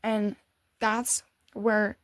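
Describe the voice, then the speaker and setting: A young woman telling a personal story in an animated, emotional way, often laughing. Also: mid-range voice, extremely slow, dry recording, studio quality. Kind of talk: storytime monologue.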